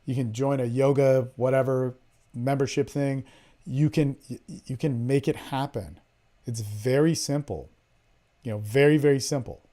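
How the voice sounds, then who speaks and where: Man, dating coach, casual monologue, blunt, profane, mid-pitched, loud-to-hushed swings. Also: fairly even intonation, moderate pace.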